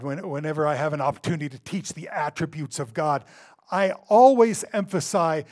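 A pastor preaching a sermon who stresses points by repeating words and swings between loud bursts and hushed asides. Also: male voice, fairly high pitch.

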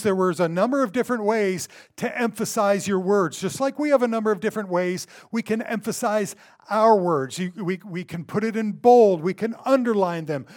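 A pastor preaching a sermon who stresses points by repeating words and swings between loud bursts and hushed asides. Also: male voice, high voice.

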